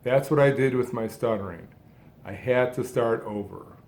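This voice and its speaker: A man giving an instructional talk, speaking deliberately in short phrases with strong emphasis on key words. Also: medium pitch, a little mellow. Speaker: speech coach who stutters.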